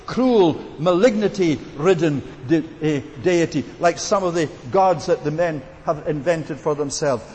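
A man's voice: a little high, a little mellow. A man preaching a sermon in an earnest, emphatic way, hammering home key words through repetition. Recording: long reverb in a hall, faint hiss.

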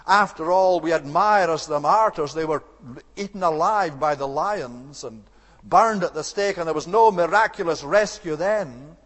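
A man's voice: high voice, a bit bright. A man preaching an expository sermon, earnest and emphatic, building to rhetorical outbursts. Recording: long reverb of a large hall.

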